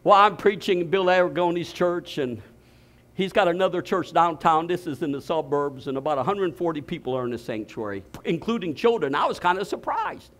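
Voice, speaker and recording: An older man preaching a sermon, telling stories with bursts of shouting and laughter. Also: fairly high pitch, animated, brisk. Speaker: pastor.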